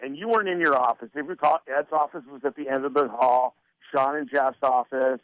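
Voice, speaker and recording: A man's voice: medium pitch, a little fast, no room sound, dull audio. A man telling radio-station stories in a casual interview. He acts out the lines of the people he quotes, with many fillers and restarts. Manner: animated storyteller who acts out quoted dialogue; many fillers and repeated starts. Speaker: radio consultant, interview guest.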